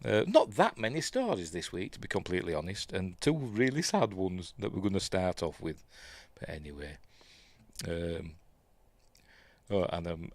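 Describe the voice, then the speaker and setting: Lively Yorkshire man rambling through news. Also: low voice, moderate pace, dry recording. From Yorkshire, England. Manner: rambling, chatty, breaks off to mutter about the stream. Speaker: host of a live news stream. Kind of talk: casual live-stream news chat.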